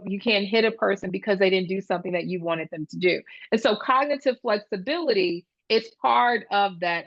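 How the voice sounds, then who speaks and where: A woman gives a talk at a professional event and tells classroom stories, acting out the children's voices with animation. Her voice sits at a middle pitch. The recording sounds dull and dry, with no room echo. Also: fairly bright tone. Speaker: guest speaker, speech-language pathologist. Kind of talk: conference talk.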